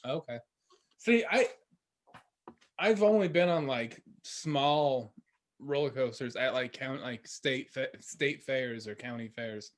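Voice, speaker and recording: A man's voice: mid-range voice, takes it slowly. A man co-hosting a casual podcast chat, laid-back and teasing, mostly answering in short remarks. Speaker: podcast co-host.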